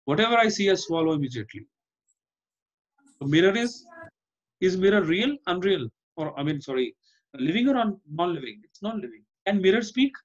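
A man's voice: sits high, animated, brisk, pauses often, muffled recording. A male teacher with an Indian English accent, giving an online class and explaining by repeating himself and asking "Fine?". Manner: explains by repetition, often asks "Fine?".

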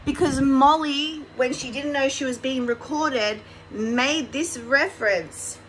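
A woman's voice: high voice, takes it slowly, fairly bright tone, a little hiss or hum, low-quality recording. A woman hosting a casual commentary vlog, rambling with many fillers and restarts. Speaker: commentary channel host.

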